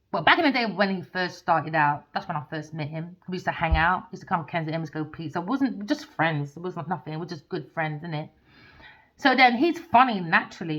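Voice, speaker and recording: Blunt woman ranting, muffled audio. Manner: blunt, swears freely, swings between low mutters and loud excited bursts. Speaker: podcast host. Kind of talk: casual storytelling rant. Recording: muffled lo-fi recording.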